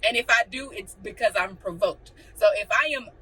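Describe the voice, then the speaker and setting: Bright-voiced, blunt young woman vlogger. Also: a little high, normal speed, distant mic, a little hiss or hum, low-quality recording. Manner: blunt, animated, acts out quotes. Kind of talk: casual chat to camera.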